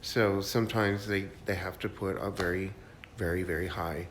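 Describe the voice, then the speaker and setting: A man giving a casual, rambling spiritual talk, sometimes dropping to a hush as he guides listeners. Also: low voice, steady tone, normal speed. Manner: rambling, restarts, soft guided hushing at times. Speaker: spiritual channel host. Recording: faint background noise.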